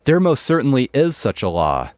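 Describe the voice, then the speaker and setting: A man's voice: medium pitch, wildly swooping pitch, moderate pace, a little mellow, dry recording, clean studio sound, soft background music, voice pushed up. A man reading the lines of a bossy, entitled middle-aged mother in a domineering, indignant way.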